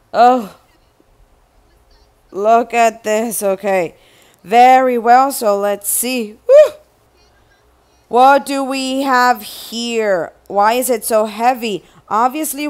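A young woman vlogging an unboxing, excitable, exclaiming and repeating herself as she looks at each item. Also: a little high. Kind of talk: casual unboxing vlog.

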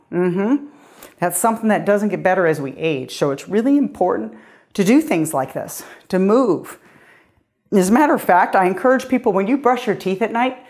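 A woman's voice: medium pitch, darkish tone. Middle-aged lady leading cardio class, upbeat and encouraging, bit breathless. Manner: upbeat, encouraging, coaching cues. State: slightly out of breath. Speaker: fitness coach. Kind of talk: guided workout instruction.

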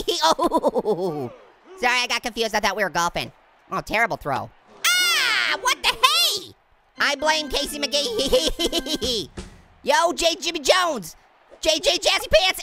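A man's voice: pushed and bright, a little hiss or hum, heavily acted. A man voicing a hyper, giggly male talking orange who cracks puns and taunts while commenting on gameplay. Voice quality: gravelly, high cartoon voice. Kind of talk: comedic let's-play commentary. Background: game music.

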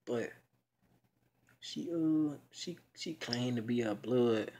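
Husky-voiced young man retelling a story. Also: medium pitch, slow pace, mellow. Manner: slangy, cursing, rambling. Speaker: video blogger.

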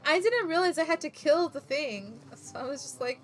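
A woman streaming a video game, chatting excitably, laughing often and swearing casually. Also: high voice, normal speed. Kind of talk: casual gameplay commentary.

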